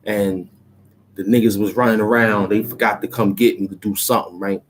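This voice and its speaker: A man's voice: fairly low pitch, steady tone, brisk, slight background noise, low-quality recording. A man, a rapper, talking in a loose, rambling monologue full of street slang and "you know what I'm saying", in a small cramped room.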